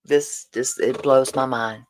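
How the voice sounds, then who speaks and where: A woman's voice: rumbling low, steady tone, slow, rough recording. A woman, chatting casually and emotionally on a livestream as host, thanking her viewers again and again. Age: 40s. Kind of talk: casual livestream fundraiser chat.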